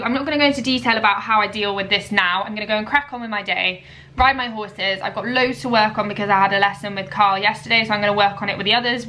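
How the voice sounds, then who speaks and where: A young woman, a dressage rider, talking candidly to her vlog camera, open and hesitant with many pauses. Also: mid-range voice, sharp tone.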